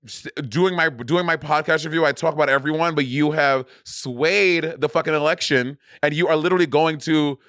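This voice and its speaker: A man's voice: on the high side, moderate pace, hardly any pauses, a bit bright, no room sound, clean studio sound. A man co-hosting a casual podcast over a video call, talking loosely and swearing freely. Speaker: podcast co-host. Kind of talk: casual chat.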